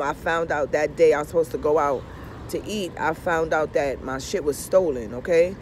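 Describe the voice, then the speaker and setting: A woman's voice: lowish voice, slight background noise. A woman vlogger in a casual monologue to her viewers, ranting animatedly and swearing often, checking in with "you understand?".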